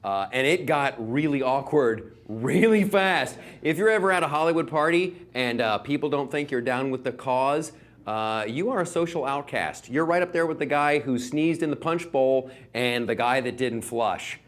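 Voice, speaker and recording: A man's voice: medium pitch, lively intonation, normal speed. A male comedian doing a sarcastic stand-up monologue, rambling with filler words.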